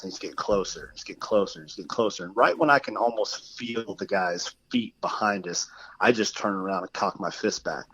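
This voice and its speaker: A man's voice: lowish voice, a little fast, a bit bright, husky, rough recording. A man on a podcast telling a long personal story in casual chat, rambling with lots of fillers and acting out the people he quotes. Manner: rambling, filler-heavy, acts out quoted voices. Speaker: podcast guest.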